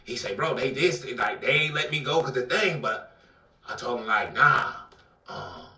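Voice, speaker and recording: Animated Atlanta man telling a story. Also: medium pitch, moderate pace. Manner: animated, acts out voices, swings from loud to whispered. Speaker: guest telling his life story. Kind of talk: casual storytelling interview. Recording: roomy, somewhat distant mic.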